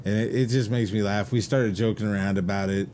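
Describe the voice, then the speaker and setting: A man's voice: fairly low pitch, steady tone, a little fast, a little mellow, a little hiss or hum. A middle-aged man with a Minnesotan accent, chatting casually as a podcast guest and telling rambling stories full of fillers. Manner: rambling storyteller, many fillers. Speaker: band leader and guest.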